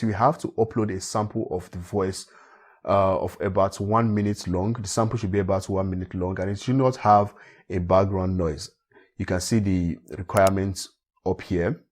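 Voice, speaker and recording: A man from Africa walking viewers step by step through a software tutorial, often repeating himself. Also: sits low, slightly rough. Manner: steady step-by-step walkthrough, repeats phrases. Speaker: tech tutorial host. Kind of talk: screen-recorded software tutorial.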